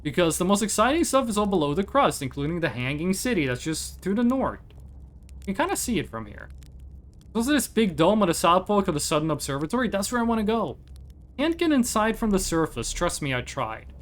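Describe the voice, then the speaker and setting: A streamer reading aloud the lines of a nervous male alien explorer who is scared of space, in a rambling, apologetic manner and a mid-range voice that swings widely in pitch. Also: very animated, brisk, lightly acted. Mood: friendly. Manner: rambling, self-deprecating, apologetic. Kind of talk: reading game dialogue aloud.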